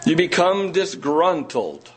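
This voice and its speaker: A man preaching a sermon to a congregation in a church room, earnest and slow, pressing his listeners with rising questions. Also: on the high side, very animated, fairly bright tone, slight background noise.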